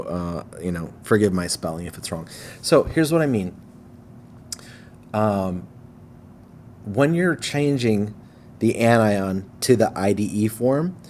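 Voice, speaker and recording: Man teaching a relaxed chemistry lesson. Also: lowish voice, a little hiss or hum. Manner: relaxed, frequent "okay?" checks, slows to stress syllables.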